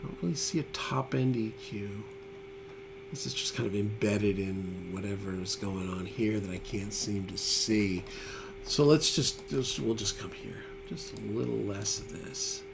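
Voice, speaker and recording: A guitarist demonstrating gear talks casually through a guitar tone demo in the studio, thinking aloud and trailing off as he adjusts settings. His lowish voice is creaky and measured in pace. Loud electric guitar playback and other background noise fill the recording.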